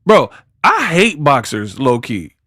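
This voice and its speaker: A man's voice: medium pitch, sing-song, slow pace, pushed and bright, dry recording, studio quality. A man hosting casual boxing commentary, trash-talking and joking. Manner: trash-talking, joking, breaks into song and mock accents.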